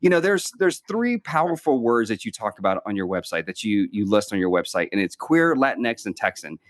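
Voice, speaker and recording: A man's voice: fairly low pitch, sing-song, a little fast, no room sound, clean studio sound. A man hosting a conversational interview, asking earnest, rambling questions full of fillers and restarts. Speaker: podcast host.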